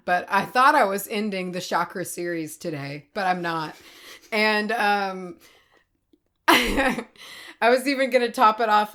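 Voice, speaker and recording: A woman's voice: mid-range voice, fairly bright tone. A woman in her twenties co-hosting a podcast in casual chat, talking loosely and swearing offhandedly. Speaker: podcast co-host.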